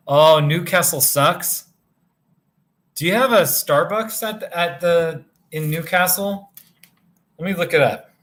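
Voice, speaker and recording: A man's voice: fairly high pitch, slow, pauses often, a bit bright. A tired man hosting a casual livestream from a motel room, rambling as he chats with viewers by name. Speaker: livestream host reading viewer chat.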